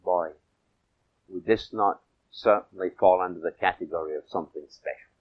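A man preaching a sermon, swinging from loud emphatic peaks to soft low asides and stretching key phrases. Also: steady tone, normal speed, highs cut off.

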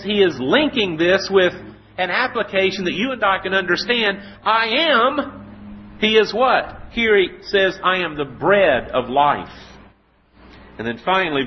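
Male preacher, sermon delivery, animated pitch, dull lo-fi recording. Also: a little hiss or hum. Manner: storytelling, rhetorical questions, slow emphatic scripture reading.

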